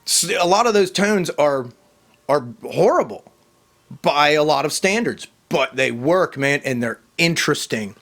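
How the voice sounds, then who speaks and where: A man's voice: fairly high pitch, expressive, a little slow, a bit bright. A man ranting casually to camera, emphatic and rambling, often repeating himself. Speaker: vlogger. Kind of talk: casual opinion rant to camera.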